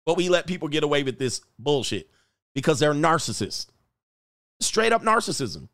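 A man with a fairly high voice delivers blunt, profane reaction commentary as a dating coach. He fires off mocking rhetorical questions and laughs at his own points. The sound is dry and close. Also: very animated, normal speed, a bit bright, no echo.

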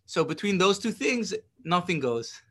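Man, religious teacher, text study lesson, bright tone, higher pitch, explanatory. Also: big pitch swings, a little slow. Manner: explanatory, asks rhetorical questions, often adds "right?".

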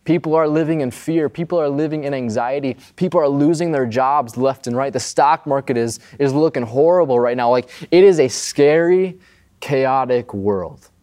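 A pastor giving a casual, conversational sermon, often checking in with the listener. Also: male voice, mid-range voice, moderate pace, mellow. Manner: conversational, often adds "right?".

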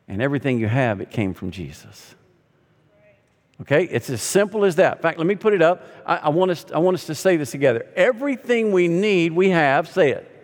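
Middle-aged male pastor, chatty and humorous, a bit high-voiced, preaching in a reverberant sanctuary. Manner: storytelling with humor, lively and conversational. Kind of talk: sermon. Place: large hall or sanctuary. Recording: long hall reverb.

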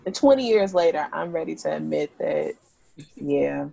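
A woman's voice: deep voice, lively intonation, normal speed, creaky, dark tone, a little hiss or hum. A woman co-hosting a podcast in casual chat, talking loosely, laughing often and restarting her sentences. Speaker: podcast co-host.

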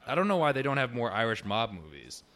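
A young man co-hosting a podcast in casual chat, animated and swearing freely, acting out movie lines as he talks. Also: medium pitch, fast. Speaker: podcast co-host.

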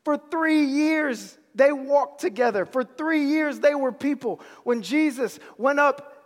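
Man, preacher, very high voice, unhurried delivery, repetitive, casual slang, sermon. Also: big-room sound.

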